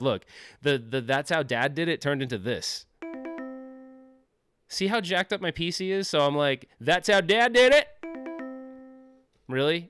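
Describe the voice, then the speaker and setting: A man's voice: on the high side, fairly bright tone. A man hosting a casual livestream from his home office, rambling and joking, often laughing at himself. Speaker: livestream host.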